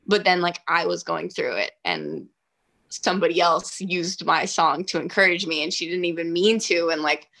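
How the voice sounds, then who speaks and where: A woman's voice: on the low side, moderate pace. A woman in her twenties, a singer-songwriter, telling stories in a casual interview with lots of fillers. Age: 20s. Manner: chatty, heavy use of "like", animated.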